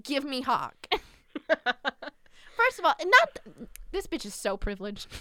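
A young woman co-hosting a casual anime podcast, animated and profane, laughing often and dropping into whispers. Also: high-pitched, takes it slowly, no echo. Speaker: podcast co-host.

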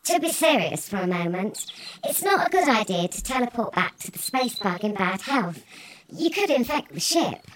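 A woman playing a calm, explaining female alien guide in an amateur audio drama. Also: fairly high pitch, normal speed, slight background noise, rough recording. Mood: serious. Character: helpful female alien guide who teleports the crew.

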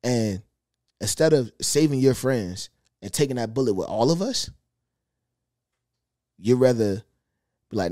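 A man talks fast and argues hard in a casual podcast conversation. He acts out the voices of the people he quotes. His voice is mid-pitched and recorded dry and close. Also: dry recording. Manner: animated, argumentative, acts out quoted speech. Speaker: podcast co-host. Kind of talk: casual chat.

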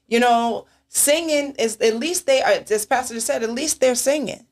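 A woman's voice: a little high, moderate pace, a little mellow. A woman minister in a church talk discussion, speaking emphatically and asking rhetorical questions.

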